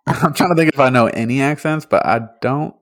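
A man's voice: medium pitch, fairly quick, no echo, clean studio sound. A man with a lisp co-hosting a podcast, laid-back and joking, laughing often. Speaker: podcast co-host. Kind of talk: casual chat.

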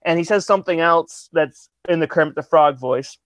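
A man's voice: fairly high pitch, moderate pace, a bit bright. A man, a guest musician, telling a rambling funny story in casual talk, swearing and laughing often.

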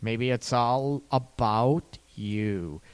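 A middle-aged man, a counselor, hosting a call-in advice show and acting out couples in quick asides with laughs between points. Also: mid-range voice, smooth. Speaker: counselor and radio show host. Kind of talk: call-in radio advice talk.

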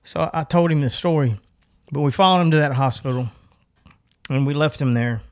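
A middle-aged man with a drawl tells a story to his co-host, animated and quick to laugh. He jumps into the voices of the people in his story. His voice sits a little high for a man. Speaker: podcast co-host. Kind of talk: casual storytelling.

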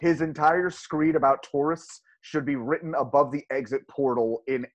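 A man's voice: medium pitch, steady tone, normal speed. A man hosting a podcast, chatting casually and reading his notes aloud. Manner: enthusiastic, reads notes aloud. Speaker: podcast host. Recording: dull lo-fi mic.

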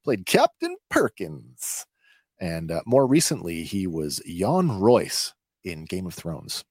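A man with a fairly low voice talks through an episode recap in a relaxed, chatty way. He stops often on filler sounds as he finds his words. The sound is dry and close, with no room echo. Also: takes it slowly. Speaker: podcast host.

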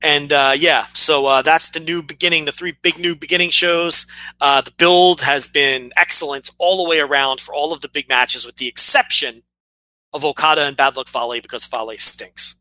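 A man with a fairly high, very bright and sharp voice, chatting loosely as a podcast co-host. His voice is nearly gone. The recording is dry and close. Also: steady tone, normal speed, no echo, low-quality recording. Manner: rambling, loose analysis. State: losing his voice. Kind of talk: casual podcast chat.

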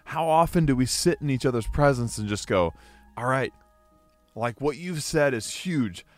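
A man co-hosting a casual book club chat, earnest and quick to laugh. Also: medium pitch, dry recording, soft background music. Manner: earnest, animated, laughs easily. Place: indoor studio with mics.

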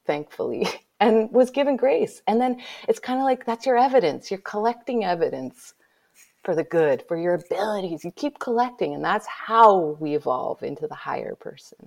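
A woman author in her thirties telling a personal story in an interview, moving from whispered moments to loud exclaiming. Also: medium pitch, animated, moderate pace, gravelly. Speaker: guest, author.

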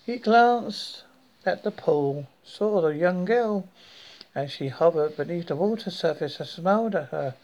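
A man hosting a horror podcast, reading a story in a slow, deliberate way. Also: high-pitched, lively intonation, darkish tone, lo-fi sound.

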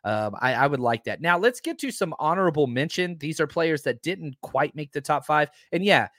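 A man hosting a sports talk show, talking casually and excitedly, stressing his points by repeating them. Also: fairly high pitch, moderate pace, no echo, clean studio sound. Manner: excitable, emphatic, keeps repeating himself.

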